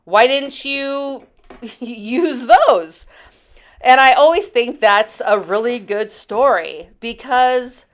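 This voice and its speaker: A woman in her fifties narrating her home project in a rambling, chatty way, drifting into stories and asides. Her voice is smooth and clear, sitting at an ordinary middle pitch. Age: 50s. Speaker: DIY channel host. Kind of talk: casual storytelling voice-over.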